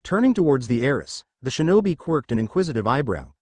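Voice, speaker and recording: A man reading a fan fiction story aloud in a steady scripted narration. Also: medium pitch, fast, no room sound.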